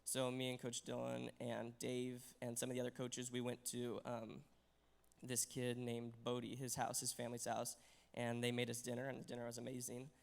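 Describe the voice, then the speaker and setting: Flat, gravelly young man in a chapel. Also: medium pitch. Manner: halting, with restarts and fillers. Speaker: student giving testimony. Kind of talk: chapel testimony. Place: chapel hall. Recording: long hall reverb.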